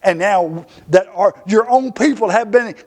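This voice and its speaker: Southern guy preaching hard in church, fiery, goes loud then quiet, voice sits a bit high. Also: unhurried. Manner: fiery, emphatic preaching that swings from loud to hushed. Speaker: pastor. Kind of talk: sermon.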